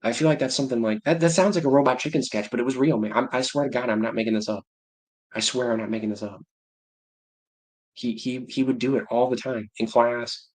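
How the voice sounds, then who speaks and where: A man's voice: mid-range voice, steady tone, a little fast, darkish tone. A man in his thirties hosting a livestream, rambling in casual chat, breaking off mid-sentence and chuckling at his own stories. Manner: rambling, self-interrupting, laughing to himself. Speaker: livestream host.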